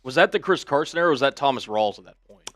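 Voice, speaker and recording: A man's voice: medium pitch, expressive, fairly bright tone, no echo. A man co-hosting a live football stream, chatting casually and reading out viewer messages. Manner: quick, agreeable, brief replies. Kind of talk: casual sports chat.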